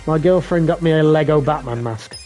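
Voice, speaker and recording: A man commentating a live game stream, excitable and swearing heavily, jumping between yelps and mutters. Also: on the high side, a little fast, faint music behind.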